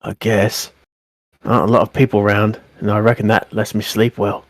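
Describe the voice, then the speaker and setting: A man's voice: on the low side, little pitch movement, moderate pace, no room sound, close to an everyday voice. A man voicing a sleepy, terse young male student who talks in a tired, curt way. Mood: flat. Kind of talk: visual novel voice acting.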